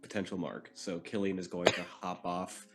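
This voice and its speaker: Casual male player, slightly low. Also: little pitch movement, moderate pace, over loud music. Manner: casual, hesitant. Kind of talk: tabletop play.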